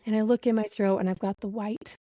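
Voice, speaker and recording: A woman's voice: medium pitch, fairly even intonation, fairly quick, mellow, dry recording. A woman in her thirties hosting a podcast, telling a candid story and acting out the dialogue. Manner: candid storyteller, laughs a lot, acts out dialogue. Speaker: podcast host. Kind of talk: casual chat.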